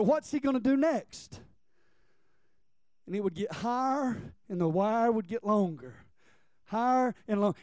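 A middle-aged preacher with a high, mellow voice delivers a storytelling sermon. He leans hard on key words, then sinks low and soft. The sound is close and dry, with no room around it. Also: dry recording. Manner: storytelling, emphatic, drops to quiet for personal stories.

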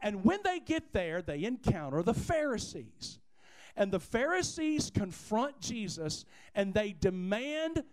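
A man preaching a sermon with lively delivery, acting out the people in the story and calling on the congregation to answer back. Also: high voice, measured pace, rough recording. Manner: animated preaching, acts out voices, calls on the congregation. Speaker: pastor.

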